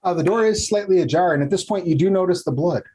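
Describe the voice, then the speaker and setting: A man's voice: high-pitched, fast, warm tone, breathy edge, low-quality recording. Rambling male game master. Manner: rambling, many fillers and restarts. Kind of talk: narrating a tabletop game.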